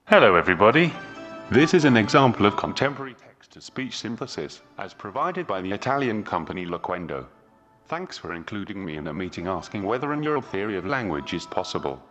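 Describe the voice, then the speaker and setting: A man's voice: fairly low pitch, very animated, fairly quick, a bit bright, big-room sound, faint music behind. A synthesized male text-to-speech voice reading a short scripted greeting, with stress falling on the wrong words.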